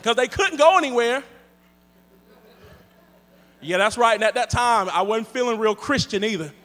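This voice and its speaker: A man preaching a sermon, telling a story in an animated, joking, conversational way. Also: extremely high pitch, moderate pace. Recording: long hall reverb.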